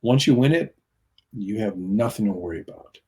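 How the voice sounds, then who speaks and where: A man's voice: lowish voice, lively intonation, normal speed, a little mellow. A middle-aged man talking as an interview guest, earnest and rambling, telling personal stories and acting out what others said. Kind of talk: conversational storytelling.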